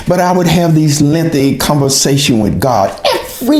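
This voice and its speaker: A man's voice: on the high side, wildly swooping pitch, normal speed, hardly any pauses, darkish tone. A man giving an earnest, emotional personal testimony, retelling his own pleas to God in quoted speech. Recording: roomy echo.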